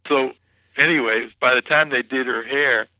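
A man's voice: mid-range voice, steady tone, normal speed, no echo, highs cut off. A man guest, a musician, telling stories in a casual interview, rambling with many restarts and "you know"s. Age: 40s or older.

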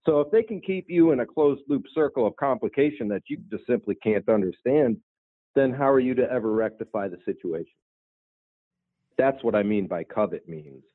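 A man's voice: mid-range voice, lively intonation, moderate pace, dry recording. A male caller talking in rambling, filler-heavy casual chat over the phone. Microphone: phone line. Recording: tinny phone line.

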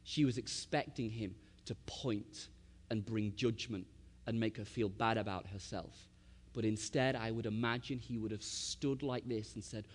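A man, preaching a sermon and telling a family story, swinging from loud to hushed. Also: on the low side, unhurried, big-room sound.

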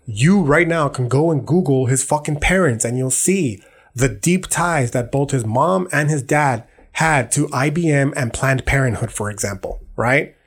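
Profane, blunt man, husky voice. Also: on the high side. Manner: profane, blunt, street slang. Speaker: podcast host. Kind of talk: casual monologue.

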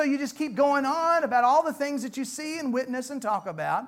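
A man, preaching a sermon in church in a folksy, conversational way that swells louder on emphatic points. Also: extremely high pitch, very animated, fairly quick, few pauses. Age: 40s. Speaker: pastor.

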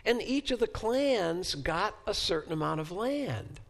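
A man teaching a Bible class in a high, gravelly voice, talking slowly. He halts and repeats words while he searches for how to say things, and he often turns statements into rhetorical questions for the class. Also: expressive. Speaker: professor. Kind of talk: Bible lecture.

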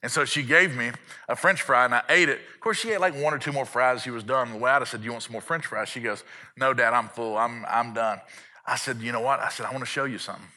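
A man's voice: medium pitch, quick pace, bright, forceful tone. A man preaching a sermon as pastor, telling a family story with playful asides to the congregation.

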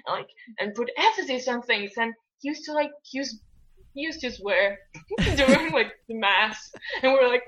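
The guest co-host, a young Italian woman, has an animated, somewhat bright voice on the high side, speaking at a moderate pace. She chats casually and rambles with many fillers and restarts, laughing often; the audio is lo-fi and dull with slight background noise.

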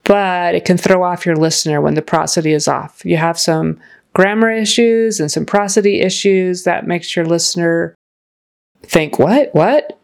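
Lady tutor, lowish voice, slow and patient, says phrases over and over. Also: steady tone, gravelly. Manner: patient, explains slowly, models phrases aloud. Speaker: accent and grammar coach. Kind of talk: reviewing a student's recording.

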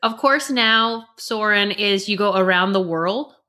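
A woman's voice: medium pitch, unhurried, pushed and bright. A woman in her forties chatting casually as a podcast co-host, telling family stories and acting out what people said. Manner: chatty storyteller who acts out family quotes. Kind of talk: casual chat.

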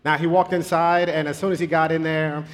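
A man's voice: a little high, little pitch movement, brisk. Conversational male preacher telling a story. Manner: conversational, with shifting pace. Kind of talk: sermon storytelling.

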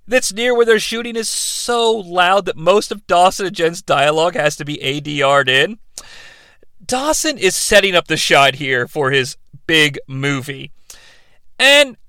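A man's voice: high-pitched, bright, forceful tone, no echo. Sarcastic man recapping a TV episode. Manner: sarcastic, rambling, acts out dialogue. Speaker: podcast co-host.

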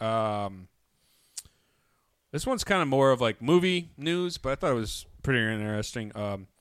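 A man's voice: mid-range voice, normal speed, clean tone, no echo, clean studio sound. A man co-hosting a podcast, chatting casually and telling funny stories with a laugh. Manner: animated storyteller, laughs while telling jokes. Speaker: podcast co-host. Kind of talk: casual chat.

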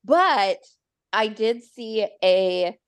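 A woman's voice: medium pitch, lively intonation, very slow, smooth. A woman co-hosting a podcast in casual chat, telling things in a chatty way. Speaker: podcast co-host.

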